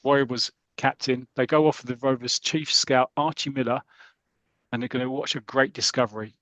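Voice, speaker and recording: A man's voice: mid-range voice, moderate pace, no room sound, low-quality recording. Man animatedly retelling a comic story. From England. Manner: animated storytelling, acting out quotes. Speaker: podcast host.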